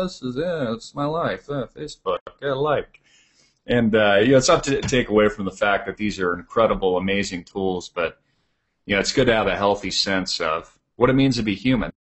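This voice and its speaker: A man's voice: lowish voice, fairly bright tone. A man hosting a radio talk show from his office, rambling in a filler-heavy monologue and ranting about elites.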